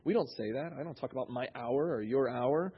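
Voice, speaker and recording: A man's voice: mid-range voice, a little fast, husky, muffled recording. A man in his thirties, a pastor giving a conversational sermon, thinking aloud with frequent restarts.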